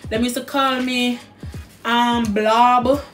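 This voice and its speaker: A woman's voice: a little high, little pitch movement, slow, faint music behind. A young woman with a Jamaican accent, talking candidly and animatedly as a guest in a casual chat over a meal, slipping into patois.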